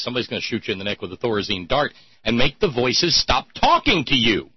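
A man hosting political commentary, mocking and sarcastic, often tripping over his words as he goes. His voice is husky. The recording is dry and slightly muffled. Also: mid-range voice, big pitch swings, fast, no echo. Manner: mocking and sarcastic, with stumbling restarts. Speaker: host.

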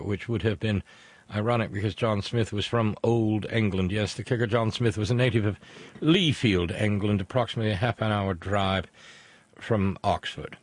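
Rambling low-voiced male show host. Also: no echo. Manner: rambling, pun-heavy, stumbles and restarts. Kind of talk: live show monologue reading viewer messages.

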